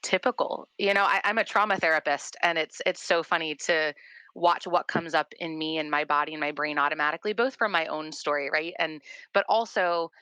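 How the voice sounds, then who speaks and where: Bright-voiced woman telling a story. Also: low voice, brisk, clean tone, no room sound. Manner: animated storyteller, warm and earnest, repeats words as she talks. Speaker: guest, trauma therapist. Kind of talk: casual conversation.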